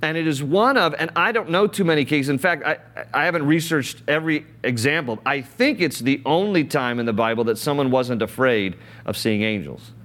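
A man's voice: mid-range voice, a bit bright. A man preaching a sermon, reading scripture aloud and explaining it in an earnest, conversational way. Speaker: pastor.

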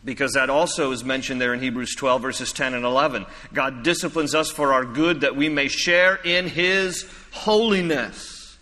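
Male pastor, sermon, animated storytelling, bright voice, echoey church hall. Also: medium pitch, normal speed, few pauses. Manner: animated storytelling with asides and self-deprecating laughs.

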